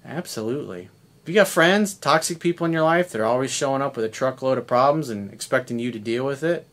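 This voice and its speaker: A man's voice: mid-range voice, lively intonation, fast, fairly bright tone. A man in his fifties, a dating coach talking through a video coaching monologue in a blunt, conversational way with casual swearing. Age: 50s.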